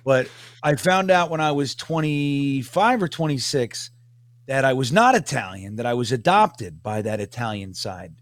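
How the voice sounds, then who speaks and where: A man's voice: medium pitch, expressive, normal speed, dry recording. A man with a Northeastern US accent, chatting casually on a panel and telling stories with jokes and swearing. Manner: joking, profane storyteller. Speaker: podcast panelist. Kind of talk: casual chat.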